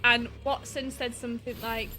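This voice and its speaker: A woman chatting casually on a live stream, giggly and animated, swearing freely as she tells stories. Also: a little high, moderate pace. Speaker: streamer's wife, co-host.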